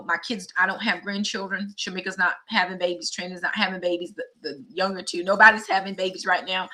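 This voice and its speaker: Fifties woman, vlogger, bright tone; conversational and heartfelt, speaks straight to her audience. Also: medium pitch. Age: 50s. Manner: heartfelt, conversational, addresses viewers directly. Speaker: vlogger and teacher. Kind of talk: candid personal vlog talk.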